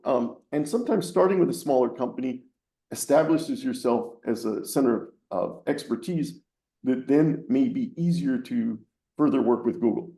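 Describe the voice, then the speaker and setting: A man's voice: mid-range voice, vocal fry, dark tone, echoey room. A man giving a webinar answer as keynote speaker, hesitant with many ums.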